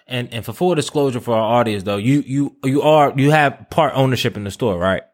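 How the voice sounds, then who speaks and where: A man's voice: mid-range voice, brisk. A man hosting a casual podcast, eager and friendly, stumbling over repeated words and calling his guest "man". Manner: eager, stammering restarts, calls guest "man" and "bruh". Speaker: podcast host.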